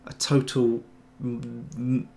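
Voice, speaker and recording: A man's voice: medium pitch, flat delivery, slow pace, warm tone. Chatty rambling man host. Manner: rambling, chatty, trails off and restarts; answers viewer chat while working. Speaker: host, 3D sculptor. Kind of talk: casual livestream tutorial chat.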